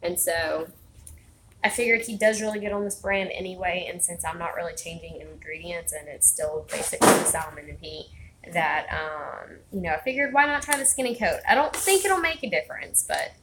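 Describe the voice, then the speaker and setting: A woman vlogger talks briskly in a fairly low voice, chatting at home indoors with lots of fillers and false starts as she rambles to her viewers. The phone-camera audio is reverberant, with a noisy background.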